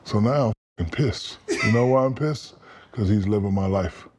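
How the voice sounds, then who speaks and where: A man in his fifties, a podcast guest, telling animated, profane stories and acting out quoted lines. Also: lowish voice, normal speed, noisy background. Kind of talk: storytelling in casual interview.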